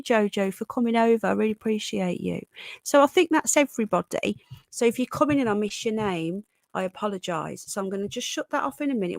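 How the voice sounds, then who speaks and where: Brummie woman with a bit of yorkshire twang, gravelly voice, chatting on a live stream, dry close mic. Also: medium pitch, no echo. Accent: Birmingham, with a Yorkshire twang. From Sutton Coldfield, Birmingham, England. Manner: chatty, calls viewers darling and hon, frequent restarts. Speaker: livestream host. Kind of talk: casual live-stream chat reading out comments. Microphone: desk microphone with gain turned up.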